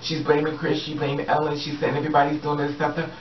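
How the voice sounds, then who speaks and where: A sassy, animated man rants about someone straight to camera, his voice a little high. He sounds set back from a muffled mic in a roomy space, with faint ambient noise behind him. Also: fast talker, recorded from a distance. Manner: sassy, animated, addresses the subject directly. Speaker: vlogger. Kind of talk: casual opinion rant to camera.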